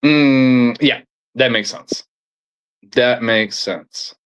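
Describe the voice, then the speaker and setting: A man's voice: medium pitch, drawn-out words, a bit bright, smooth. A man hosting casual banter, profane and joking. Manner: profane, laid-back, joking.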